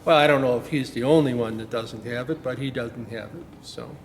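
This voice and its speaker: A man's voice: medium pitch, fairly quick. A man from Wisconsin, a play director, chatting in a casual interview, rambling with plenty of fillers and restarts. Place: small-town theater stage. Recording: echoey hall with faint noise.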